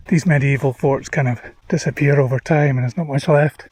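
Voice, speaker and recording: A man narrating his hill walk casually to the camera, relaxed and self-deprecating, pausing often on "uh" while outdoors on an open hillside. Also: fairly high pitch, breathy edge. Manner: chatty, relaxed, self-deprecating, with frequent "uh" pauses. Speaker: hiking vlogger. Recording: outdoor recording with wind noise.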